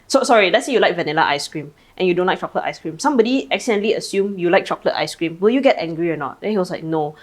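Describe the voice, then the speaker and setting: Animated Malaysian woman telling stories. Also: fairly low pitch, racing, few pauses. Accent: Malaysian English. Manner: animated storytelling, swears freely, ends phrases with "lah". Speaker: podcast co-host. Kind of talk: casual chat.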